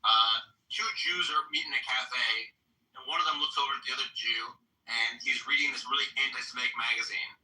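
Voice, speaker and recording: A man's voice: medium pitch, fast talker, bright, forceful tone, roomy sound, recorded from a distance, low-quality recording. A man in a casual group chat, telling stories and jokes in a loose, chatty way. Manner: chatty storyteller, loose and joking.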